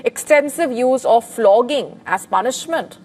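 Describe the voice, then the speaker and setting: A woman presenting a scripted news report in a measured, formal delivery. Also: fairly high pitch, animated, a little mellow.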